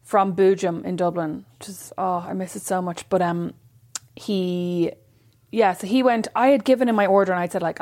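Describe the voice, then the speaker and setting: A woman's voice: fairly low pitch, fairly even intonation, normal speed, a little mellow. A woman chatting casually with her sister. She tells her stories dramatically and swears freely. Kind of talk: casual chat between sisters.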